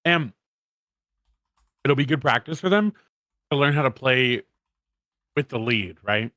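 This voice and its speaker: A man's voice: mid-range voice, animated, unhurried, bright, forceful tone, no echo. A man co-casting an esports watch party, rattling off standings and stats with casual asides. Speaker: co-caster.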